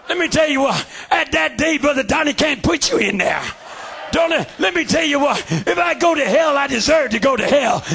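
A man preaching a fervent revival sermon in a church, shouting in a steady preacherly cadence. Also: extremely high pitch, gravelly. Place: church sanctuary.

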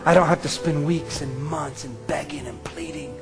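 A man preaching an impassioned sermon, swinging from ringing declarations to hushed near-whispers and repeating his phrases for emphasis. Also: a little high, moderate pace. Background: faint music.

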